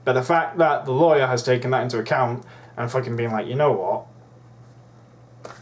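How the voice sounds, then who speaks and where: Young man, swearing, indignant, rambling, mid-pitched vlogger. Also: fast. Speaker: YouTuber. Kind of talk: ranting vlog monologue.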